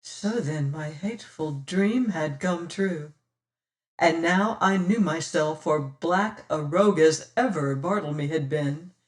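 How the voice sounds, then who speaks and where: Slow, measured audiobook narrator. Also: mid-range voice, distant mic. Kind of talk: first-person audiobook narration.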